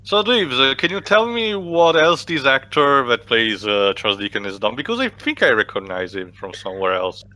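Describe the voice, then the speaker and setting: Male co-host: wry, playful, bright and crisp, close dry recording. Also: medium pitch, sing-song, moderate pace, few pauses, dry recording. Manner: wry and playful, laughing often. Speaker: co-host of a watch-along commentary. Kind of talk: casual chat.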